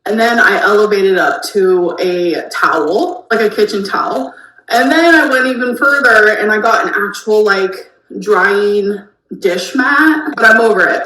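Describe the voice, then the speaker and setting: A woman's voice: mid-range voice, measured pace, bright, forceful tone. A woman vlogging casually to camera, rambling through everyday updates and product recommendations. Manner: chatty, rambling product talk. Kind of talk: casual vlog chat. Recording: roomy with faint noise.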